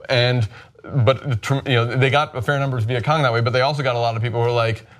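A man's voice: mid-range voice, fairly even intonation, fast talker, a bit bright. A man hosting a casual panel chat show, rambling with frequent restarts and asides. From United States. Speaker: host.

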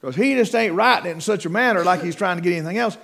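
A man's voice: high voice, racing, vocal fry, fairly bright tone. A man preaching a sermon in a folksy, rambling way, with many fillers and restarts.

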